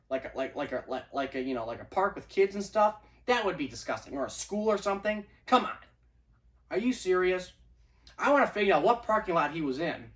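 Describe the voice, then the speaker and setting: A man's voice: high-pitched, distant mic. Incredulous, ranting young-sounding man. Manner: incredulous, repeats himself, animated rants. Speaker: baseball vlogger. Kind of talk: casual ranting commentary.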